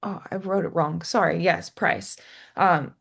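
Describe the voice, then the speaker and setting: A woman's voice: on the low side, steady tone, measured pace, creaky, husky. A young woman co-hosting a podcast, chatting casually and retelling scenes with giggles and acted quotes. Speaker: podcast co-host. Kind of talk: casual chat.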